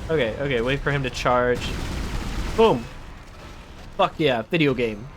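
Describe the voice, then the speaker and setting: A man's voice: medium pitch, a little fast, noisy background. A man streaming a horror game, joking sarcastically and talking back to the game. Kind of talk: gaming commentary.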